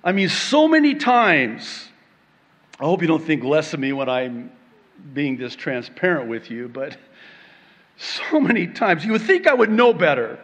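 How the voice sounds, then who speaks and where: Male preacher, slightly high voice, slow deliberate sermon delivery, long hall reverb. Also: very animated. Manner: slow, dramatic delivery with playful acted-out quotes and laughter.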